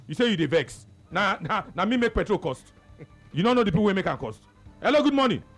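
A Nigerian man hosting sports radio, his voice sitting high and swinging widely as he lectures a caller. He presses his points again and again. Faint music hums under the studio mic. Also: sing-song, fast. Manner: forceful, lecturing, repeats himself. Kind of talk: heated call-in radio debate.

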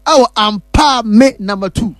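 A man's voice: sits high, a little slow, fairly bright tone, no room sound, clean studio sound. A man with a Ghanaian accent, speaking as a pastor who gives testimony and church announcements in an emphatic, repetitive, preacherly way.

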